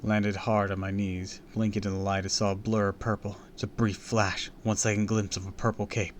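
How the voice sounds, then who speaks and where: Low-voiced man reading spooky stories. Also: normal speed, slight background noise. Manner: expressive, theatrical reading. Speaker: streamer reading aloud.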